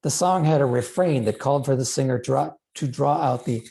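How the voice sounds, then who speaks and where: A male author reads his own novel aloud, measured and expressive. His voice is dark and warm, with a gravelly edge in the low notes. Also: rough recording. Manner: measured, expressive literary reading.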